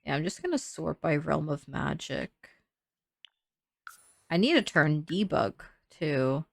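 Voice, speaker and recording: A woman's voice: low voice, very animated, takes it slowly, vocal fry, no room sound, studio quality. A young woman casually thinking aloud while she builds in a game, chatty and full of "like"s. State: sleepy, yawning. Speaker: gaming creator building in a life sim.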